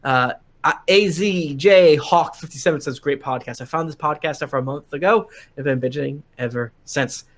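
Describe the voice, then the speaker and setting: A man from a live-streamed podcast reads listener reviews aloud into a desk mic, breezing through them with plenty of "uh"s and small chuckles. His voice is on the high side, at a moderate pace.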